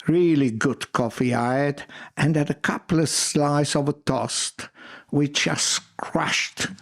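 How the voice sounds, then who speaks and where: A man's voice: fairly high pitch, slow pace. An older man from Italy with a strong Italian accent, a guest chef chatting casually in effusive, broken English. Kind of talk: casual chat.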